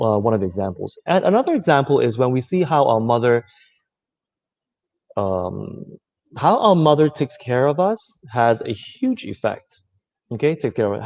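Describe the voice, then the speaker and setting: A man giving a reflective talk, speaking gently and conversationally, with many fillers. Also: mid-range voice. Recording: slightly dull lo-fi audio.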